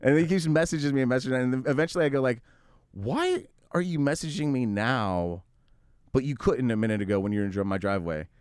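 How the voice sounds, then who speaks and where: Animated man telling a rambling story. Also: mid-range voice, fast, clean tone, dry recording, studio quality. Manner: animated, swears freely, acts out both sides of a story. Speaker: radio show host. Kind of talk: casual storytelling chat. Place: studio.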